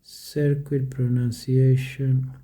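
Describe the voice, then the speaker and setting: A man's voice: medium pitch, level tone, takes it slowly, mellow. A man who is not a native English speaker, rambling casually to his viewers with lots of hesitations and restarts. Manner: stumbles over word pronunciation. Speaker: vlogger. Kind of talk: casual talk to camera.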